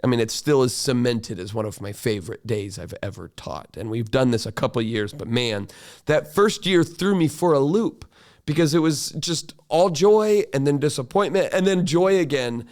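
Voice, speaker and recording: A male teacher telling a classroom story in a reflective, conversational monologue, acting out quoted dialogue and asking "right?" often. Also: moderate pace. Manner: animated, acts out quoted dialogue with rising pitch. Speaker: teacher and podcast host.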